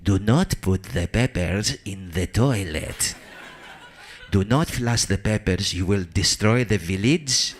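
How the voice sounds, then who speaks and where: Man doing a slow grave warning voice. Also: on the low side, lively intonation, a little hiss or hum. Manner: slow, grave, heavily deliberate delivery. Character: solemn stern warning-sign voice, male.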